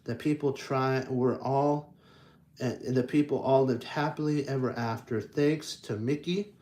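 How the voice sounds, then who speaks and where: A man reading children's picture books aloud at a slow, unhurried pace. He stumbles and restarts often, stops to point out the pictures, and throws himself into the sound effects. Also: mid-range voice, fairly even intonation, dark tone. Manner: halting, with frequent restarts and self-corrections; enthusiastic, playing up sound effects. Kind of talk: casual read-aloud with commentary.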